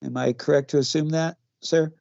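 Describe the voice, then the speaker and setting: Gravelly, mellow male co-host. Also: a little high, steady tone, no room sound, dull audio. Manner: measured, carefully rephrases questions. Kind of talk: casual call-in chat.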